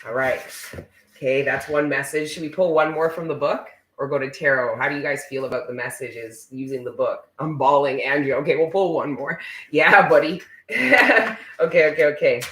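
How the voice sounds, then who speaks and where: A man's voice: medium pitch, steady tone, fairly quick, hardly any pauses, fairly bright tone. A man giving a casual spiritual tarot reading to his viewers, talking in an emphatic, preachy way and swearing freely. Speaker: tarot reader. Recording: roomy echo.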